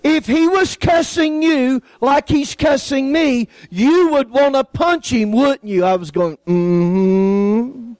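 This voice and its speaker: A man's voice: very high-pitched, animated, a little slow, hardly any pauses, darkish tone, no room sound, low-quality recording. A man preaching, telling a personal story and acting out the people in it. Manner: folksy storyteller acting out quoted voices. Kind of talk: sermon testimony storytelling.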